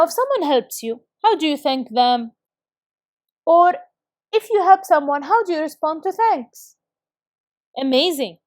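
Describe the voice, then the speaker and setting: Woman teacher w/ doing a video english lesson, highish voice, dry close sound, clear and encouraging. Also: darkish tone, dry recording. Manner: clear, encouraging classroom delivery.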